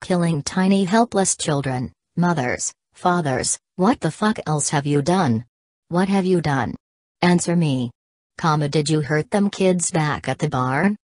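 A woman voicing a betrayed, desperate young man in an audiobook, reading in a flat, literal way. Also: low voice, measured pace, no room sound, clean studio sound. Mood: accusing. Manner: reads punctuation marks aloud.

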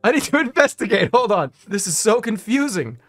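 A male streamer talking casually and excitably, with loud outbursts, swearing and frequent laughter. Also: high voice, brisk, soft background music. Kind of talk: casual live-stream chatter.

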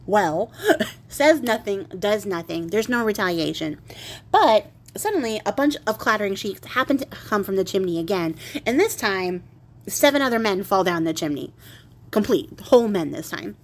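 A woman's voice: mid-range voice, expressive, moderate pace. A woman casually retelling a fairy tale in a chatty, irreverent way with wry asides. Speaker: crafting channel host retelling a fairy tale. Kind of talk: casual storytelling.

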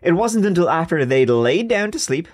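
Animated man telling a true-crime tale. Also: on the high side, normal speed. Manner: jokey, animated storyteller who riffs on his own narration. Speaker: podcast co-host and narrator. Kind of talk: casual true-crime podcast storytelling.

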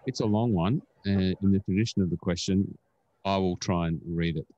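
A man's voice: deep voice, moderate pace, warm tone, dull audio. An Australian man co-hosting a podcast, chatting casually and rambling with plenty of fillers. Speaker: podcast co-host.

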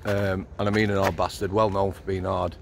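Deep, level and a little fast, with vocal fry, this middle-aged former prison officer from Yorkshire swears freely as he tells matter-of-fact stories while walking outside at night. A little hiss or hum sits under the recording.

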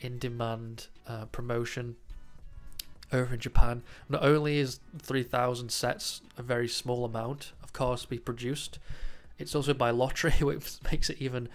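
A man's voice: mid-range voice, fairly even intonation, moderate pace, soft background music. A man with a cold and a nasal voice, hosting a casual card-collecting news video and talking in a chatty way with many fillers. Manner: chatty, lots of ums and uhs. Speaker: trading card news host. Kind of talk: casual commentary to camera.

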